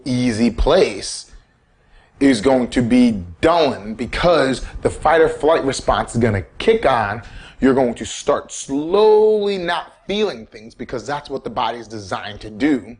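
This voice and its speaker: A man talks through pain self-care in a casual, animated way. His voice sits at an ordinary middle pitch, and he keeps repeating his key points as he coaches the listener. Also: husky. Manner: animated, repetitive coaching, acts out quoted inner voices. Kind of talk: casual instructional talk.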